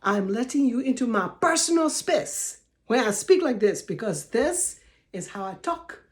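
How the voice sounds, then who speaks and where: A woman's voice: a little high, measured pace. Older Liberian woman, laughing storyteller. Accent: Liberian English. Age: 60s. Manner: laughs often, warm and expressive. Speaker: vlogger. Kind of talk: casual storytelling to camera. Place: home office.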